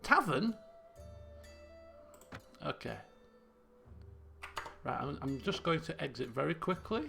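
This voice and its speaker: Give me a chatty man doing live game commentary, gravelly and animated, over faint guitar. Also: mid-range voice, a little slow. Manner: chatty, self-mocking, frequent restarts and laughs. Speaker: streamer. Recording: faint guitar music behind.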